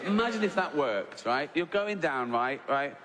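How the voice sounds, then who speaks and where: A man's voice: a little high, animated, normal speed, very noisy. A middle-aged English man doing a stand-up routine in a conversational, sweary way, often checking in with the crowd. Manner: conversational, keeps checking in with "right?"; swears freely, acts out exasperated little scenes. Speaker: stand-up comedian. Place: large theatre on stage. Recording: live hall with long reverb, faint ambience.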